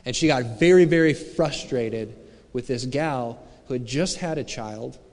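A man preaching in a church hall, his mid-range voice carried by a long reverb. He talks in a relaxed, searching way and keeps asking his listeners questions. The tone is earnest and conversational rather than grand. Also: mid-range voice, unhurried. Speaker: pastor. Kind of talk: sermon.

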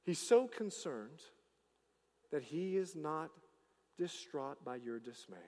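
Pastor, male, high and very lively delivery, emphatic sermon style, long church-hall reverb. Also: takes it slowly. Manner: emphatic preaching, rising and falling between loud declarations and hushed asides.

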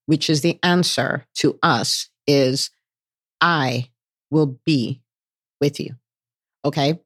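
Woman preacher with a lowish voice, animated sermon delivery, dry close recording. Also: no room sound. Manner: animated, acts out voices of God and listeners with big pitch jumps.

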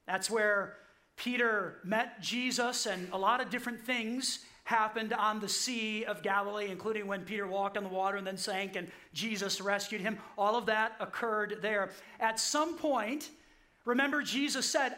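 A man preaching a sermon, telling the story vividly, acting out quotes and repeating key lines slowly. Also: sits high, pushed and bright. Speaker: pastor.

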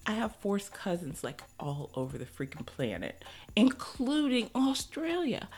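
A woman in her thirties hosting a podcast, chatting casually and excitedly, laughing often as she gives listener shout-outs. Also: deep voice, moderate pace, gravelly, breathy edge. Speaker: podcast host. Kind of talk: casual solo podcast chat.

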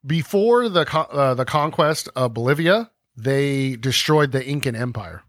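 A man's voice: mid-range voice, expressive, measured pace, no room sound. A man hosting a podcast, explaining history casually, ranting and acting out scenes in comic voices. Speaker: podcast host.

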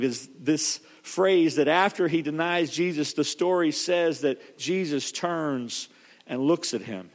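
A man preaching with a high, lifted voice, telling the story with animated drive and frequent restarts. His words ring out with a long reverb from a large hall. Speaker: pastor. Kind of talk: sermon.

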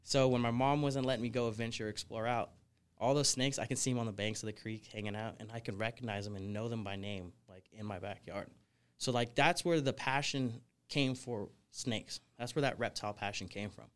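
A man's voice: mid-range voice, brisk, clean tone. A young man as a podcast guest, telling his life story casually and energetically, full of "you know" and "like". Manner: energetic, rambling, frequent fillers like "you know". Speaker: guest, snake wrangler.

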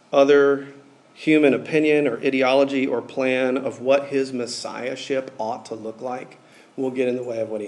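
A man's voice: mid-range voice, darkish tone. A man giving a casual, conversational sermon, talking informally with many fillers like "like" and "um".

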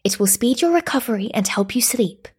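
A stern, caring village matron, voiced by a woman narrator, speaks firmly in a slightly raised, breathy voice. The storybook figure commands with calm authority. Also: on the high side, brisk, voice pushed up. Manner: firm, commanding.

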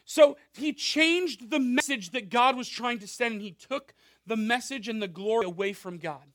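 A male pastor with a strikingly high voice preaches in a loose, conversational way. He checks in with the crowd through quick rhetorical asides, and the sound is close and dry. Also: dry recording. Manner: animated, with frequent asides and rhetorical questions. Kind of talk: conversational sermon.

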